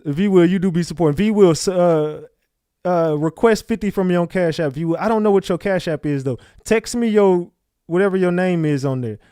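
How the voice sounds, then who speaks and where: A man's voice: high voice, fairly quick, mellow, clean tone, no echo, studio quality. Slangy man hosting a livestream. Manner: loose, slangy, calls out chat names. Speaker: livestream host. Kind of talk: casual livestream chat with viewers.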